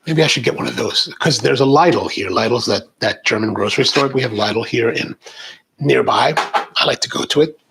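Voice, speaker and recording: A middle-aged American man hosting a coffee video, chatting casually with rambling, animated asides. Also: medium pitch, moderate pace, vocal fry, a little hiss or hum, low-quality recording. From United States. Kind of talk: casual chat to camera.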